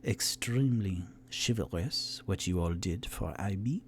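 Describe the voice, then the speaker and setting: A man voicing a suave, elegant female tiefling in a tabletop game, speaking slowly in a low, breathy near-whisper. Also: darkish tone, slight background noise.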